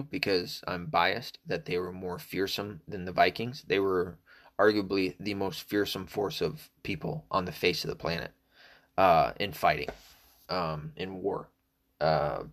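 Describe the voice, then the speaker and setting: A man's voice: low-pitched, fairly bright tone. A middle-aged man from the South, talking in a casual, profane, rambling monologue full of fillers. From American South. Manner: profane, digressive, many fillers. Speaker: solo talker.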